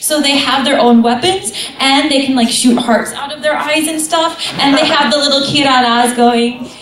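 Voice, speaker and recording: A fairly high-voiced woman talks eagerly, piling up reasons with fan excitement. She sounds far from the mic in an echoing hall. A crowd murmurs behind her. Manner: animated, eager. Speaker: panel contestant. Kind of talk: enthusiastic fan argument.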